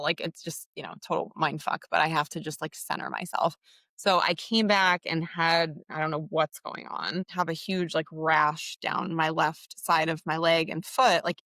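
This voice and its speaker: Frank, low-voiced woman podcast host. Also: dry recording, clean studio sound. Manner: frank and expressive, acts out quoted exchanges. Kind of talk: candid conversational interview.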